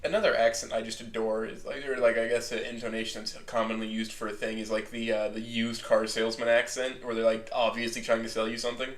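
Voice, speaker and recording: A man hosting a casual podcast chat, halting and restarting often. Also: mid-range voice, flat delivery. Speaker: podcast host. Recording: echoey room.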